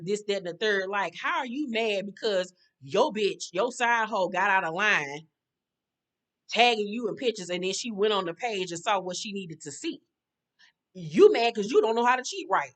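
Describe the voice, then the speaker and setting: A woman's voice: lowish voice, a bit bright. A woman giving casual, blunt commentary on a reality show episode, talking in heavy slang with profane, sassy asides.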